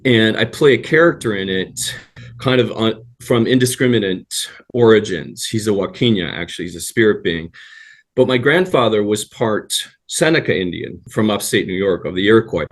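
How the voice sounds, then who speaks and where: A man's voice: on the low side, expressive, normal speed. A man talking as a guest in a casual interview, telling long anecdotes with a rambling flow. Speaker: guest actor and writer.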